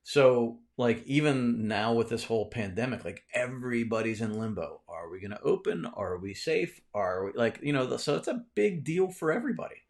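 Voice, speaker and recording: A man's voice: mid-range voice, animated, normal speed, vocal fry, hardly any pauses. A man, hosting a casual live stream from a cluttered home room, rambling with many restarts while he answers viewer comments.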